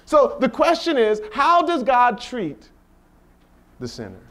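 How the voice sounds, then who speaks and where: Male Bible study leader, high and lively voice, informal preaching style. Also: slow, a little hiss or hum. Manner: animated, with rhetorical questions and playful asides.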